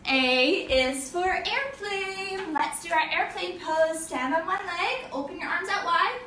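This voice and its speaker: A woman's voice: very high-pitched, lively intonation, unhurried, hardly any pauses, sharp tone, roomy sound, far from the mic, a little hiss or hum. A woman teaching a family yoga class for children, giving cheerful, encouraging instructions and making animal sounds.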